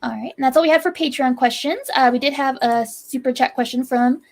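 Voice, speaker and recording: A podcast host, a woman, reads out listener questions. Her voice is high and light, and she keeps the tone relaxed. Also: fairly quick. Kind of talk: casual chat.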